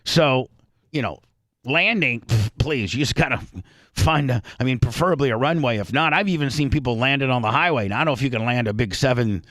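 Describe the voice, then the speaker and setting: A middle-aged man hosting a talk radio show, telling a rambling, animated story full of crude slang. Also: mid-range voice, a little fast, dry recording, clean studio sound.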